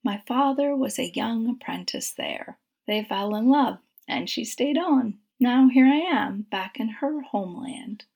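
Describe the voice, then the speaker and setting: A woman reading the lines of a shy, self-conscious young woman in a soft, breathy half-whisper. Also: fairly high pitch, animated, unhurried, hardly any pauses, full character voice.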